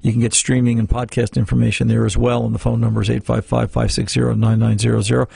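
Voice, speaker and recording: A middle-aged man chats his way through a radio car-repair show. He rambles, restarts and circles back to stories. His voice is heavily gravelly and husky, and the sound is dry and close. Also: medium pitch, flat delivery, fast talker, dark tone, no room sound. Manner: rambling, chatty, many restarts and fillers. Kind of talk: casual radio talk.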